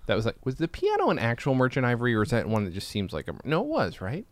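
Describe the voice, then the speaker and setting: A man's voice: medium pitch, huge pitch swings, fast, no echo. A tipsy man hosting a podcast, joking and swearing in casual chat. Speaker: podcast host.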